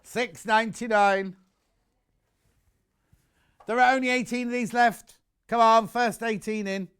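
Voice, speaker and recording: A man's voice: very high-pitched, fairly even intonation, unhurried, fairly bright tone, clear, resonant tone. A British man presenting live on a shopping channel, chatty and rambling as he sells sewing goods. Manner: chatty, rambling, reads out viewer messages.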